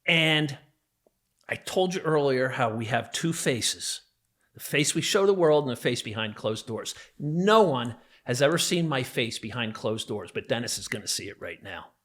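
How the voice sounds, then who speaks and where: A man's voice: medium pitch, animated, moderate pace, a bit bright. A middle-aged man from New Jersey, a podcast guest, telling a personal story in an intense, emphatic way. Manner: intense, emphatic, vivid retelling of a violent memory.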